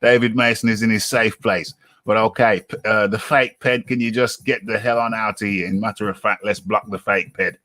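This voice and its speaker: A man's voice: lowish voice, fairly even intonation, sharp tone, dry recording. A man hosting a live boxing talk show, chatty and teasing. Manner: chatty, teasing, quick asides. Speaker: host.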